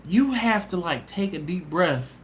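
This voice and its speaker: A man's voice: sits high, expressive, a little slow. A man hosts a casual live-stream chat, reading viewer comments and answering them with stories. His voice rises and falls animatedly, and he breaks into laughter often. A faint hiss of noise sits under the voice. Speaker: host of a barbecue channel live stream.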